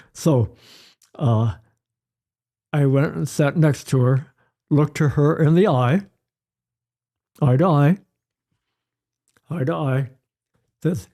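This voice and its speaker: An older man, a pediatrician guest, telling stories in an unhurried way and repeating his key phrases during an interview. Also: medium pitch, mellow. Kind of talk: conversational interview.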